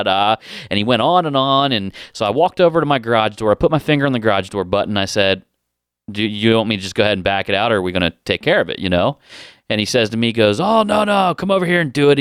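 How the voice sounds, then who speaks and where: A man's voice: lowish voice, a bit bright, smooth, no echo, studio quality. A man hosting a podcast, telling a story in casual chat and acting out the other people's voices. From Ohio, USA. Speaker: podcast host.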